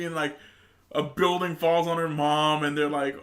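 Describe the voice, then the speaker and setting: A man co-hosts a relaxed podcast conversation with a slightly high, bright voice. He retells scenes in an animated way, full of laughter. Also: moderate pace. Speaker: podcast co-host. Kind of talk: casual chat.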